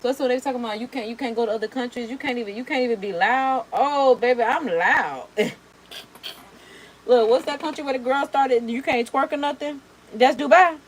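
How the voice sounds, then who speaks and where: A young adult woman hosts a reaction video, her voice sitting a little high as she talks in a sassy, slangy, animated way. She chats casually while doing her makeup, with faint noise in the background. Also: brisk, rough recording.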